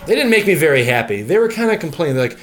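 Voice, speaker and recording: A man hosting a casual card review vlog at home, animated, swearing freely and breaking off into joking rants. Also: on the high side, fast talker. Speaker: card game video host.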